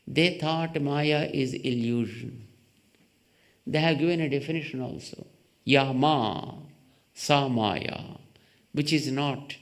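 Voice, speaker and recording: A man teaching as a spiritual leader in a temple hall, explaining ideas through simple examples and rhetorical questions, and acting out quoted voices in a sudden high pitch. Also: creaky. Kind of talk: slow spiritual discourse.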